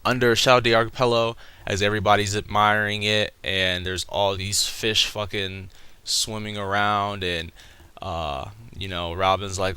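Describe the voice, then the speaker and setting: A young man ambles through a casual comic review, swearing freely as he goes. His voice sits a little low but comes across bright and crisp. He tells the story in a loose, rambling way. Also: flat delivery, moderate pace, dry recording. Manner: rambling, profane, laughing retelling. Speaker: manga reviewer.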